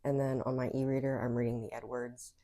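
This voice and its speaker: A woman's voice: rumbling low, level tone, a little fast, mellow. A woman chatting casually in a book vlog from her room at home, rambling with lots of fillers and asides, and bothered by hiccups. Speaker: book vlogger. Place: bedroom at home.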